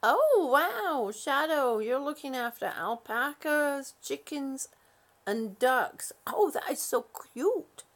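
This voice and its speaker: Sleepy, giggly woman chatting slowly. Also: sits high, big pitch swings. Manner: rambling, giggly, drowsy. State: exhausted, sleepy. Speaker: live-stream host reading viewer comments. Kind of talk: casual live-stream chat.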